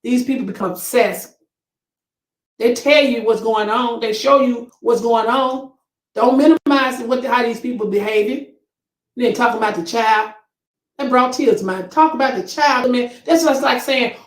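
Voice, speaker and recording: Emphatic woman host, high voice. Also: moderate pace, reverberant, low-quality recording. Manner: emphatic, preachy, exclaims to the Lord. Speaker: commentary channel host reading viewer comments. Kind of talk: casual commentary.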